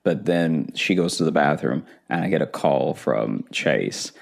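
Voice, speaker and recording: A man's voice: very deep voice, lively intonation, measured pace, gravelly. A man telling a comic story in casual chat, acting out pleading phone calls. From Chicago area.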